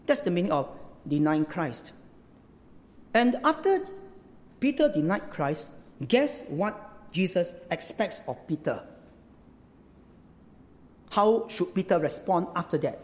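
Lively, high-voiced preacher. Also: male voice, a little slow, long pauses, in a large hall. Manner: emphatic, repeats phrases, asks rhetorical questions. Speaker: pastor. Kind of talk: sermon.

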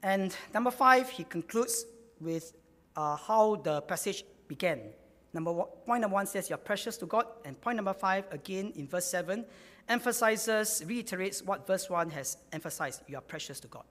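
A man's voice: high-pitched, lively intonation, normal speed, a bit bright. Man, sermon, repeats phrases for emphasis, reverberant hall. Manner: repeats key phrases for emphasis, sometimes rising in energy. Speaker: preacher.

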